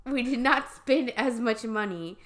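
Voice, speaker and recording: A woman who works as a teacher, co-hosting a casual chat podcast, relaxed and chatty, adding corrections and asides. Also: fairly high pitch, measured pace.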